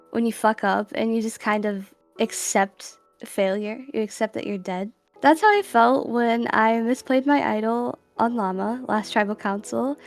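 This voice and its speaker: A woman giving a casual contestant confessional in a chatty, dramatic storytelling manner. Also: on the high side.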